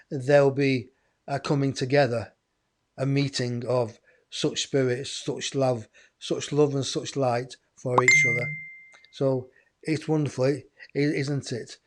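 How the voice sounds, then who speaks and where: Slow, rambling man. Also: on the high side, darkish tone. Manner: rambling, chatty, addresses viewers as folks. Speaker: psychic medium host. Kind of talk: live-streamed channeling show.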